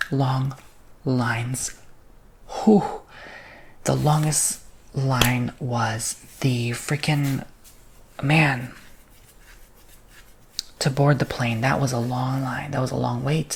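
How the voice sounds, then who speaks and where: A man telling a story in soft-spoken ASMR style, drifting into whispers and chatting casually with many asides. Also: mid-range voice, gravelly, breathy edge. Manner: drifts between soft speech and unvoiced whisper.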